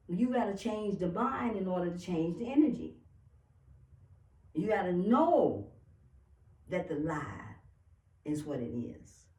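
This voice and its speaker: A woman delivers a spiritual pep talk at an unhurried pace, her words emphatic and salted with profanity and laughter. She sounds set back from the microphone in a roomy, echoing space, with her voice at a middle pitch. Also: warm tone. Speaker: spiritual speaker. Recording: echoey room, far from mic.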